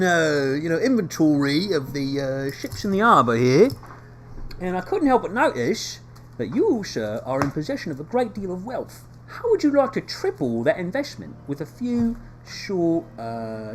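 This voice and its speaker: A man voicing a slick male goblin con man with a put-on British accent, giving a pushy sales pitch. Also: fairly bright tone, a little hiss or hum.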